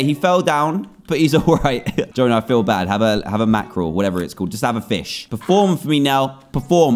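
A man commentating a video game in a bouncy, lively voice that climbs into high yelps. His pitch sits a little above average for a man. Quiet music plays behind him. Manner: animated, exclaims and chatters at the game characters. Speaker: gaming channel host. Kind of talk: let's play commentary.

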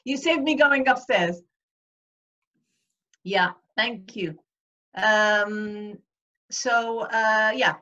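A woman talks over a video call, her voice sitting slightly high. She hesitates and fills gaps with "um" as she hunts for words. The sound is dull and lo-fi. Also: a bit bright. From Iraq. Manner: hesitant, searching for words with many fillers. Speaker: guest speaker. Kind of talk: online event interview.

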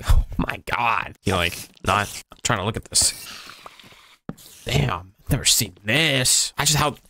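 Guy narrating his gameplay, kinda low voice but bright and punchy, swears a lot, just talking to himself. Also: animated, unhurried, slight background noise. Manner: chatty running self-talk, swears casually. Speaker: gaming channel host. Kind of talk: casual gameplay commentary.

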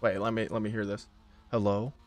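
A man's voice: lowish voice, level tone, brisk, soft background music. Man, gaming livestream, casual chat with viewers, profane, joking. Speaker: livestream gamer.

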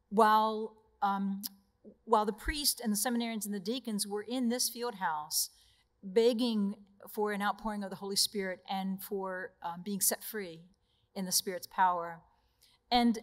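A woman religious sister gives a conversational retreat talk, telling personal stories and laughing between them. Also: mid-range voice.

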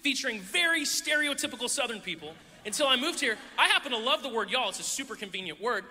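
Male preacher, sermon delivery, very bright tone, playful storytelling with voices, echoey hall. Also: very high voice, expressive, quick pace. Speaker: youth pastor. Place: church hall with audience.

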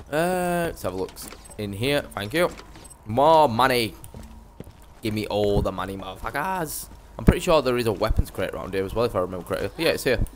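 Young guy swearing his way through a live game stream, chatty, faint hiss. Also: mid-range voice. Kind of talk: live gameplay commentary.

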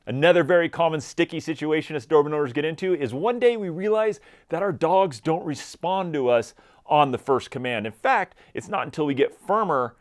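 A man giving energetic, conversational dog training advice directly to his viewers. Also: on the high side, fairly quick. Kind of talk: instructional talk to camera.

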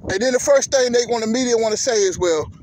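Heated high-voiced man ranting. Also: fast, background noise. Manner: heated, cursing, repeats words. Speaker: vlogger. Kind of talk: profane sports rant.

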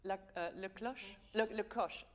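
A woman's voice: mid-range voice, unhurried. A middle-aged English woman teaching a vocal masterclass, encouraging and demonstrating phrases aloud.

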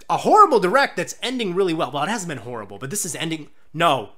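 A young man doing live reaction commentary on a game trailer, excitable and yelling in mock outrage. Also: on the high side, quick pace. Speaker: gaming YouTuber reacting to a trailer.

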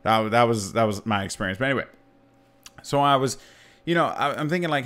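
A podcast host in his thirties chats casually and jokes around, his voice jumping upward to stress points in an animated way. He speaks at a medium pitch and a fairly quick pace.

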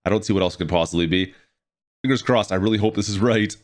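A man with a stuffy, nasal voice hosts a casual gaming news rundown, sitting a little low in pitch. He talks in a chatty, upbeat way and grows eager when he speculates. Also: quick pace. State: nasally from a cold. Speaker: host of a gaming news channel.

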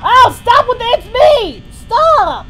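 A woman streaming a horror game in character as a cheerful, naive male hero, yelling and pleading at the monsters on screen. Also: sits high, big pitch swings, measured pace, faint music behind, low-quality recording. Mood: flustered. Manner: jumpy, yelling and pleading at the game's animatronics.

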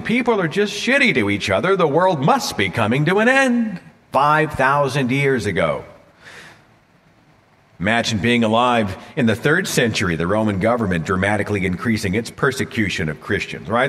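A man's voice: mid-range voice, bright, forceful tone. Dramatic Oklahoma man in a reverberant hall. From Oklahoma, USA. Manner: dramatic, emphatic, repeats phrases for effect. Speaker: guest speaker. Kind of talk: live public talk. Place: lecture hall.

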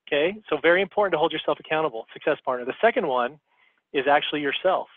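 A man's voice: a little high, lively intonation, fast, dry recording. A man giving a motivational talk as a guest speaker on a team call, coaching his listeners and checking in with "okay?". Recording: tinny phone line.

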